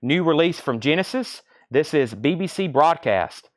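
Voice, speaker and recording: A man hosting a live-streamed record sale, briskly listing titles and prices and taking bids in a casual selling patter. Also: fairly high pitch, expressive, dry recording, clean studio sound. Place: record shop.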